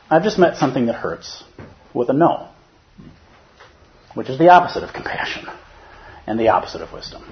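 Man, Zen teacher, chatty dharma talk, mid-pitch, dull muffled recording. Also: big pitch swings, fairly quick, pauses often, slight background noise. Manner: conversational, humorous, checks in with listeners.

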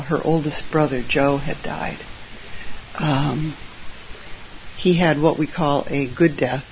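A middle-aged Zen teacher giving an informal dharma talk, chatty and full of ums, with gentle self-deprecating humor. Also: mid-range voice. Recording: slightly muffled with faint hiss.

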